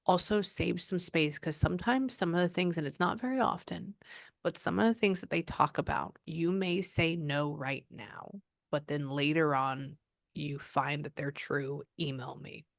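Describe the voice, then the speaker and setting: Chatty rambling woman medium, low-ish voice. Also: moderate pace, vocal fry, no room sound, studio quality. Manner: chatty, rambling, breaks off mid-sentence. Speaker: psychic medium. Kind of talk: reading session over a call.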